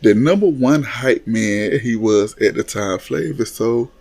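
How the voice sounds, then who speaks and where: A man's voice: medium pitch, a little slow, a little mellow. A man hosting a casual reality TV recap, blunt and mocking, often laughing as he talks. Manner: blunt, laughs often, mocks what he watched. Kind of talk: casual commentary.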